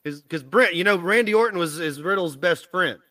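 A man with a high, bright and tense voice hosts a loose podcast chat, firing off teasing questions and laughing between them. His voice sits close and dry, with no room sound around it. The delivery is quick and playful. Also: no room sound. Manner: bantering, fires off questions, laughs often. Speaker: podcast host. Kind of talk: casual wrestling podcast chat.

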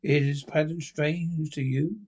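A man's voice: on the high side, fairly even intonation, unhurried, darkish tone, husky, highs cut off. Mournful ghost of a man bound in chains , read by a man, grave and solemn. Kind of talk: storybook reading.

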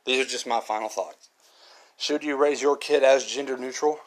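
A man's voice: mid-range voice, moderate pace. A man hosting his own podcast, talking in an earnest, reflective monologue and often repeating himself. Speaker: podcast host.

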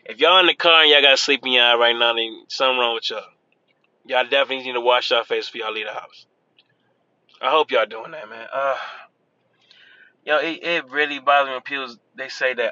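A man's voice: mid-range voice, brisk, bright, forceful tone, dry recording. Chatty man vlogging from his car. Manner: loose and chatty, says "man" and "y'all" often. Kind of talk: casual monologue to viewers. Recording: dull lo-fi sound with faint vehicle noise.

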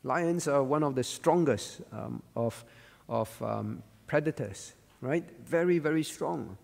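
A man's voice: mid-range voice, takes it slowly, gravelly, long reverb tail. A male pastor leading an interactive Bible study, asking questions, calling on listeners by name and repeating key words.

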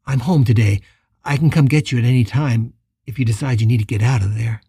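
An audiobook narrator voicing a soft-spoken woman who talks gently and with concern to a grieving friend on the phone. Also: very deep voice, fairly quick, breathy edge, dry recording, clean studio sound, voice pushed down, heavily acted.

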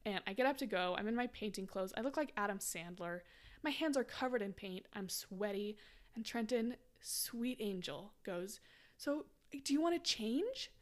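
A woman's voice: mid-range voice, moderate pace. A woman in her twenties hosting a podcast, telling a story casually with lots of "like" fillers and laughter. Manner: chatty, frequent "like" fillers, laughs while telling. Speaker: podcast host.

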